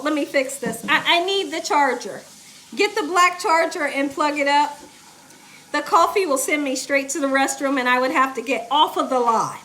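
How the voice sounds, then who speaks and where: A woman's voice: sits high, pushed and bright, a little hiss or hum. A woman, chatting casually on a cooking livestream in her home kitchen, reading viewer comments aloud and laughing often. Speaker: cooking channel host.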